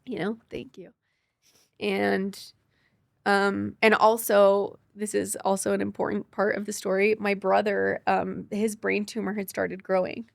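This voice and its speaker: A woman's voice: medium pitch, monotone, gravelly, no echo, studio quality. A young woman, a podcast guest, telling her cancer story with emotion and quoting people as she goes. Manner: quick, tearful retelling with quoted dialogue.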